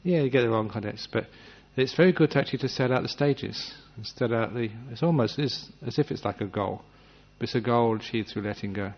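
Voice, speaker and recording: A man giving a gentle, humorous meditation talk, acting out little scenes as he teaches. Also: mid-range voice, fairly quick, hardly any pauses. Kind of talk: dharma talk. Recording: dull lo-fi recording.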